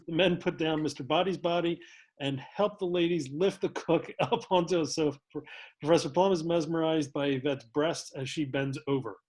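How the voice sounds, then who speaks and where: A man's voice: a little high, normal speed, darkish tone. Man, narrator, table read, casual, stumbles and laughs. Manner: reads narration with laughs and slips. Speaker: narrator reading stage directions.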